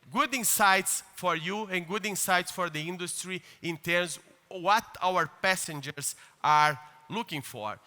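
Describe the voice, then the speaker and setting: A man's voice: sits high, pushed and bright. A man giving an earnest conference speech, with hesitant fillers and restarts. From Brazil. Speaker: conference keynote speaker. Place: large conference hall. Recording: long hall reverb.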